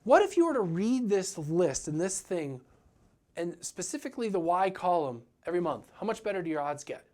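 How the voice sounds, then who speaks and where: A man's voice: high voice, big pitch swings, a little fast, warm tone. A man giving a motivational business talk as a practice coach, earnest and direct, often acting out what his clients say.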